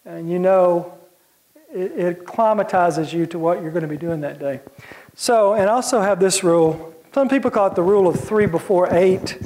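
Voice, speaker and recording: A man speaks as a guest speaker in a plain, folksy way, offering practical tips. His voice sits fairly high for a man. He clears his throat now and then between points. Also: a little mellow, slight background noise. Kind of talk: practical advice talk.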